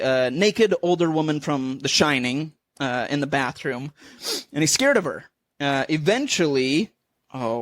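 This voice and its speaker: A man's voice: mid-range voice, fairly bright tone, no room sound. A man co-hosting a casual podcast, giggling and self-deprecating while rambling through a recap from memory. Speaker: podcast co-host. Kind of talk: casual chat.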